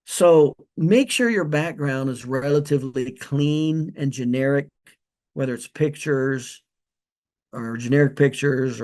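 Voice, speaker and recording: A practice consultant with a medium-pitched, darkish voice gives loose spoken training in a casual video. He gives direct instructions, restarts often, and holds a lavalier like a handheld microphone.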